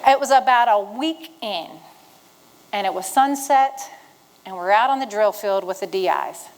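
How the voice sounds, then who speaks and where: A woman in her fifties from Virginia, a retired Marine giving a motivational talk to veterans in an event room, telling her story with lively acted-out dialogue. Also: medium pitch, moderate pace, rough recording. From Virginia, USA.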